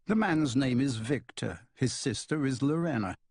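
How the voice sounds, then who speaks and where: A man reading a novel aloud in a calm, measured narration. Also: medium pitch, slightly rough, no room sound, studio quality. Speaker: audiobook narrator. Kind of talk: scripted narration.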